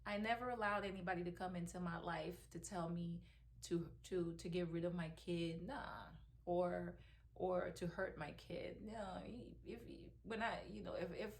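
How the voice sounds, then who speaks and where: A woman's voice: fairly low pitch, slight background noise. A middle-aged woman, a mother, talking emotionally in a heartfelt personal vlog, with lots of ums and restarts. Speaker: mother vlogger.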